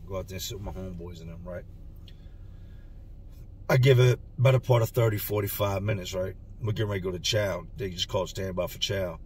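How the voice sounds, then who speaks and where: Man telling a story in a slangy, animated way, low voice, mic a bit far off. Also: slight background noise. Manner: street slang, animated retelling with quoted dialogue. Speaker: storyteller recalling prison time. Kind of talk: casual storytelling vlog.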